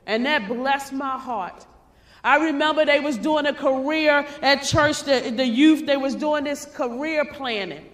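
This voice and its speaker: At a sales convention, a woman with a high voice delivers a fervent, preacher-style motivational speech, repeating lines and at times shouting them. She keeps a measured pace, and the recording has the echo of a reverberant hall.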